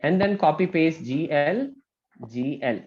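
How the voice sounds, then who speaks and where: A man teaching an online math class, talking briskly and checking in with students with a frequent "okay?". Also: a little high, lively intonation, a little mellow, highs cut off. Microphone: video call.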